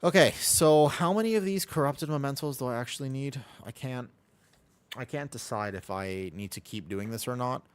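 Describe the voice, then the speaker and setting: A man's voice: medium pitch, moderate pace, smooth, dry recording. An American man chatting casually on a live stream while gaming, rambling along and humming to himself on a desk mic. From United States.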